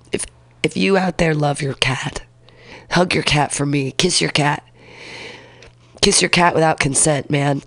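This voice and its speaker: Gravelly-voiced woman rambling on radio. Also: low voice, no room sound. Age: 40s. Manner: rambling, profane, emotional. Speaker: radio host. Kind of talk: casual solo radio talk.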